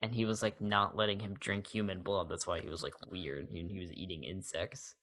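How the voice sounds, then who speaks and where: A man's voice: sits low, fairly even intonation, fairly quick, a bit bright. Man chatting and laughing on a podcast. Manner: laughs often, acts out movie scenes. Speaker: podcast co-host. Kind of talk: casual chat.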